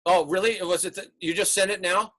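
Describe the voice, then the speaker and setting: A man teaching an online art class over a video call, relaxed and rambling with many fillers. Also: sits high, brisk. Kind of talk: online class lecture and critique.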